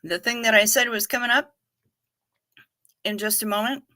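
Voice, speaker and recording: A woman's voice: on the high side, fairly even intonation, normal speed, pushed and bright. A woman hosting a casual livestream, chatting frankly with her viewers, greeting them by name and swearing offhandedly. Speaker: livestream host.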